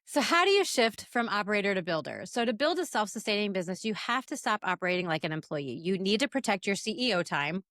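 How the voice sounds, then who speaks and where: A woman in her forties co-hosting a casual business podcast, chatty and animated as she tells stories. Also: medium pitch, quick pace, hardly any pauses, dry recording, clean studio sound. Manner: storytelling, chatty, animated retellings. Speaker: podcast co-host.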